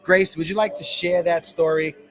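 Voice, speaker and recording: A man's voice: on the high side, fairly even intonation, normal speed, slight background noise. Upbeat man hyping a live stream. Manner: hypes the stream, reads the chat and gives shout-outs. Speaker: co-host. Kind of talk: casual chat, live sports stream. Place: at a baseball convention.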